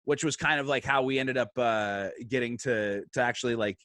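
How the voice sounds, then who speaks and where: On a casual podcast, a male guest recounts a story at a fairly quick clip, cursing liberally and voicing the quotes of the characters. His pitch sits in the middle, his manner is animated, and the recording is dry and studio quality.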